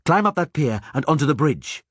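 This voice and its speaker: A man's voice: fairly high pitch, very animated, fairly quick, dry recording, studio quality, voice pushed up. A man voicing a fierce male officer who barks orders and roars at fleeing soldiers. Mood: urgent. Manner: barking orders, roaring.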